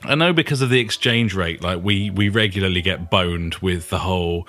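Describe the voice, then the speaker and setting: Lowish-voiced man, podcast co-host, dry sarcastic banter, faint music under. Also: moderate pace, a bit bright. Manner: dry, sarcastic, swears casually, calls co-host buddy. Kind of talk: casual gaming news chat.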